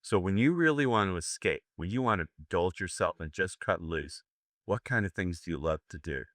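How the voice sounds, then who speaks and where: A man's voice: deep voice, animated, a little fast, a bit bright, no room sound, studio quality. An older American man giving a live seminar lecture, brash and profane, joking with his audience. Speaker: seminar instructor.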